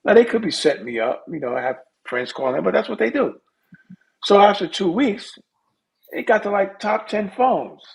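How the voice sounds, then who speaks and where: A middle-aged man, a music industry guest, telling stories in a casual interview with lively asides. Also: high voice, normal speed, gravelly. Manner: animated storyteller with lively asides. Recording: dull lo-fi audio.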